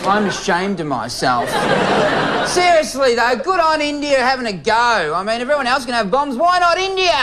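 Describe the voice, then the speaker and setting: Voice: mid-range voice, very animated, normal speed, a crowd in the background. An Australian comedian doing a rambling, self-mocking rant on a comedy show. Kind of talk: stand-up rant. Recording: loud audience and noise.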